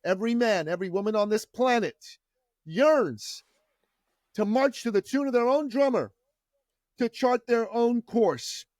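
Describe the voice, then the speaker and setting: A man's voice: very high voice, unhurried, darkish tone, no echo, clean studio sound. A man from Iran, a guest on a podcast, telling his story with a fervent, preacher-like delivery. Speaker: entrepreneur guest.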